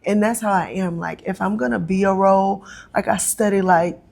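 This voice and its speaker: A woman from North Carolina, a guest talking casually in an interview, with many ums and pauses. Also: medium pitch, fairly even intonation, gravelly, darkish tone. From North Carolina, USA. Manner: chatty, frequent ums and pauses. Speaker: actress and comedian guest.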